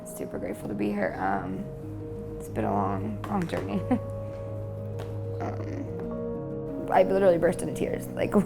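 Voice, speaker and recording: Testimonial: low-ish, gravelly woman, chatty, laughs often, emotional. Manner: chatty, lots of fillers and laughs. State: tearful at times. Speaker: new resident, mother. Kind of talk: testimonial interview.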